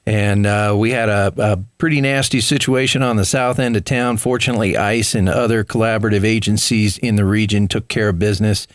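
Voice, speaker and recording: A man's voice: on the low side, steady tone, fairly quick, hardly any pauses, no echo. A man hosting a local business talk radio show in a studio, chatty and enthusiastic, calling listeners folks. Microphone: studio microphone.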